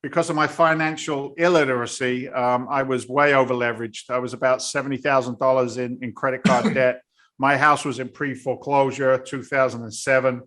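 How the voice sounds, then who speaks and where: A man's voice: mid-range voice, steady tone, fairly quick, hardly any pauses, a bit bright. A man, a guest in a casual interview, telling his story bluntly and with animation. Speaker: guest, real estate investor.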